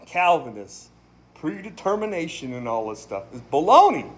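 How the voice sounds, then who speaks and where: Casting: pastor with a high male voice, relaxed and folksy, emphatic, breaks into laughs. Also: moderate pace. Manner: emphatic, conversational, laughs often. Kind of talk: casual sermon, Bible study.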